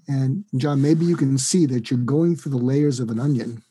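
Husky, mellow-voiced man explaining. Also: mid-range voice, fairly quick. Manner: animated, acts out sample dialogue with shifting tone. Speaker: psychiatrist and guest expert. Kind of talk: interview, explaining a technique.

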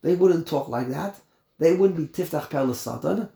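A man's voice: a little high, lively intonation, moderate pace, vocal fry, warm tone. A man teaching a verse-by-verse Torah class, mixing Hebrew terms into English, emphatic, with many repeated phrases and rhetorical questions. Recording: roomy echo, faint ambience.

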